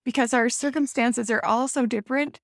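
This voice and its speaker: Woman host, affirming, heartfelt, fairly high voice, video call. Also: moderate pace, vocal fry, dry recording, clean studio sound. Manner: warm-hearted, affirming, emotional at times. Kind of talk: faith-based group discussion.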